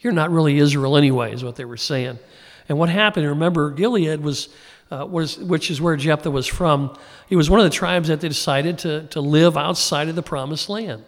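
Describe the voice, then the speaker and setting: A man with a fairly high voice delivers a relaxed, folksy Bible teaching as a pastor. His sermon rings out with a long reverb from a large hall. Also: normal speed. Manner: folksy, informal, acts out quoted voices.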